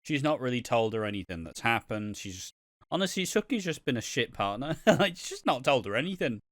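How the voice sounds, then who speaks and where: A man's voice: medium pitch, sing-song, fairly quick, fairly bright tone, no room sound, studio quality. A man co-hosting a casual soap podcast, swearing a lot, laughing often and acting out the characters' lines. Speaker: podcast co-host. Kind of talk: casual soap recap chat.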